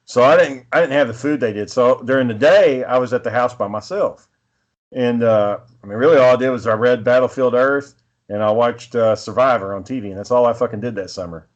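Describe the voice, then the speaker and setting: A man of middle pitch spins a loose, swearing story in an easygoing chat. The sound is a bit dull and lo-fi. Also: brisk. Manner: profane, rambling, laid-back. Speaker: podcast co-host.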